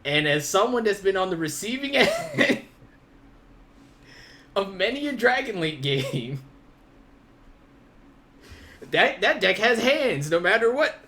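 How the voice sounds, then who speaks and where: A man's voice: high-pitched, big pitch swings, slow pace, long pauses, sharp tone. A man co-hosting a casual podcast, laughing often and teasing his friend. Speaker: podcast co-host. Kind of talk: casual chat.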